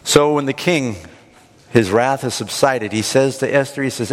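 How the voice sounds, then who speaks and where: Animated male preacher in a hall. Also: medium pitch, moderate pace. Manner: animated, dramatic retelling. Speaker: pastor. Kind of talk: sermon, storytelling.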